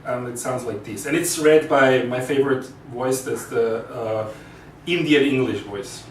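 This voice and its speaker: A man's voice: mid-range voice, unhurried, distant mic, slight background noise. A man from Austria, a native German speaker, introduces his poems to a small gallery audience in a loose, plain way full of "uh"s. The room is echoey and he stands away from the mic, with faint room ambience underneath. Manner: relaxed, plain explanations with many fillers. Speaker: poet presenting his sound poems. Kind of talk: live reading with spoken introductions.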